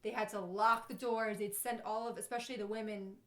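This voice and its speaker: A woman's voice: medium pitch, steady tone, a little fast, echoey room. A woman bartender, a podcast guest, telling stories in casual chat. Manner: chatty storyteller.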